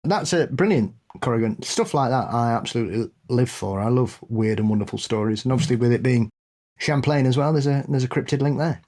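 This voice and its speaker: A man's voice: medium pitch, expressive, brisk, darkish tone. A man with a British accent co-hosting a podcast in easygoing, casual chat, starting often with a hesitant "uh". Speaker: podcast co-host.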